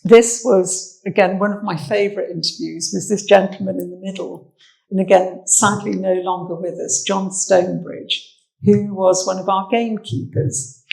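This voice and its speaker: An English woman gives a relaxed armchair talk as a social history researcher. She tells stories in a chatty, anecdotal way, with ums and asides. Her voice has a gravelly, slightly creaky edge at a middle pitch. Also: moderate pace, rough recording. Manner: chatty, anecdotal, warm storytelling with fillers. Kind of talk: armchair talk presenting photos. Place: indoor talk venue.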